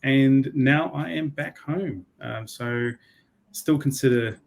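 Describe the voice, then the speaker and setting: A man's voice: mid-range voice, slow, creaky, darkish tone. Easygoing man from New Zealand, faint hum. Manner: easygoing, laughs easily, many fillers. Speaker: guest, solutions architect. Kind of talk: casual tech chat.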